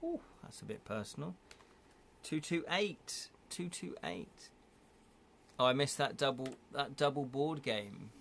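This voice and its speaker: A man reads an interactive story live, in a casual, chatty way. He stops often for jokes and quick asides, then slips back into the narration. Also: mid-range voice, gravelly, fairly bright tone, slight background noise. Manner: casual, chatty, breaks off to joke and laugh. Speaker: streamer reading a gamebook.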